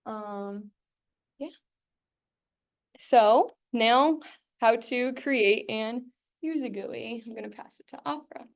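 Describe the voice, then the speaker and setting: A woman's voice: a little high, slow pace, creaky, pauses often. A young woman student giving a casual classroom workshop presentation, chatty and full of fillers. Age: young adult.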